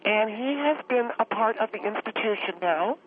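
A man pushes his voice up high to play a gushing, flustered middle-aged woman caller who rambles on and on and gets choked up. His delivery is lively in intonation at a normal speed, heard over a tinny phone line with faint hiss.

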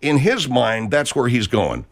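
A man's voice: medium pitch, sing-song, unhurried. A man hosting a comedy talk radio show, chatty and wry as he plugs the show.

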